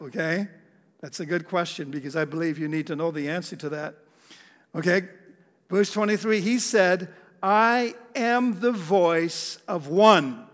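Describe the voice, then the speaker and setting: A man's voice: sits high, a bit bright. A man preaching a sermon as pastor, talking conversationally and checking in with the congregation. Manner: conversational preaching, frequent "okay?" check-ins. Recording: long hall reverb.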